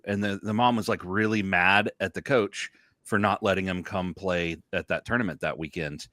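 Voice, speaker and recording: A middle-aged man, co-hosting a podcast in relaxed, chatty conversation. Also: sits low, fairly quick, dry recording. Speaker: podcast co-host. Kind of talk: casual chat.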